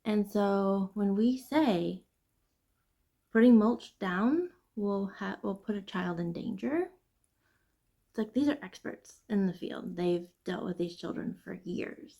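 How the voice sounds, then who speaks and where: A woman hosting a casual knitting vlog, chatting and venting in an animated, chatty way. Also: mid-range voice, slow pace, creaky. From Midwest United States. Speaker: knitting podcast host. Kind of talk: casual chat.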